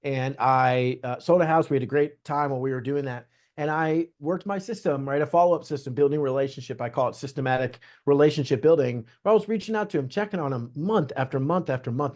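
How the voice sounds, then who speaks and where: A man from Southeast Virginia, a realtor guest on a podcast, telling stories in an earnest, animated way. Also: a little high, a little fast, few pauses. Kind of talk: conversational interview.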